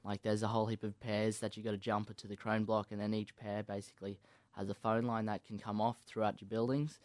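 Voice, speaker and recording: A man's voice: on the low side, little pitch movement, a little fast, a little mellow, no room sound. A young Australian man interviewed as a guest, polite and agreeable, answering with many yeps. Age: young adult. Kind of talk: casual interview.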